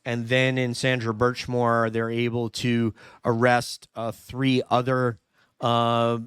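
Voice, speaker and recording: Male podcast host, smooth clear voice, halting delivery full of fillers. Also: mid-range voice, completely flat delivery, a bit bright, no room sound, clean studio sound. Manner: halting, many filler pauses. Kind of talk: conversational interview.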